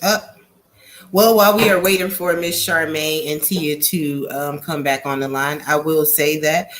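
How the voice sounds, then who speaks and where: A woman's voice: low-pitched, fairly even intonation, unhurried, slight background noise. Laughing woman co-host reading comments. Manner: laughs easily, warm and affirming. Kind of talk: casual chat.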